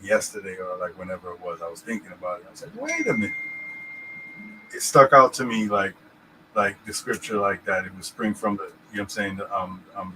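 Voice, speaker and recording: A man's voice: fairly low pitch, pushed and bright, slight background noise, low-quality recording. A man co-hosting a casual podcast about scripture, rambling and checking in with "you know what I'm saying". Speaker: podcast host.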